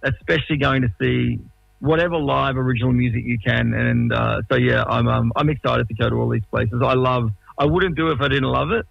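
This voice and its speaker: Australian guy, late 40s, super gravelly voice, rambly laid-back chat, kinda muffled dull radio sound. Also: medium pitch, fairly even intonation, fairly quick, no echo. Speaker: musician guest. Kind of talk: casual interview chat.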